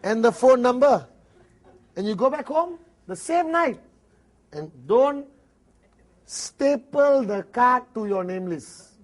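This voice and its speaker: A man with a Malaysian English accent giving a motivational network marketing seminar, acting out little dialogues and often laughing. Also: high-pitched.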